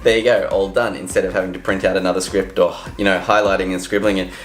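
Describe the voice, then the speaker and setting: In a room with couches and chairs, an upbeat, chatty vlogger with a deep, flat, fast voice stands at a studio microphone offering casual voiceover tips and laughing at himself. The recording has a roomy echo and faint music.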